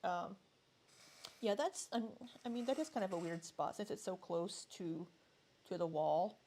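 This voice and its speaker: A woman chatting casually as she reacts to a video she is watching, hesitant and quick to laugh. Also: on the low side, animated, warm tone, slight background noise. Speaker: reaction vlogger.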